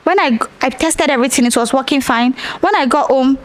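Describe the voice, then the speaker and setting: A woman's voice: high-pitched, brisk. A young Nigerian woman hosting a podcast, animatedly retelling a story with acted-out quotes. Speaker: podcast host. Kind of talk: casual storytelling monologue.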